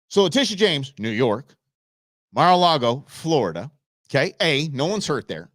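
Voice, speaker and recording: A man hosts a live political show from a small studio, sarcastic and loose, dropping into mocking impressions. His pitch leaps up and down as he goes. The sound is close and dry, with no room around it. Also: sing-song, moderate pace, a bit bright, no room sound. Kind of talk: casual live-stream political commentary. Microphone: studio microphone.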